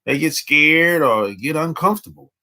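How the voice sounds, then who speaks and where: A man's voice: fairly high pitch, moderate pace, creaky. A man hosting a casual live stream, talking in slangy, drawling speech with lots of repetition. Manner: slangy, drawling, animated, repeats himself.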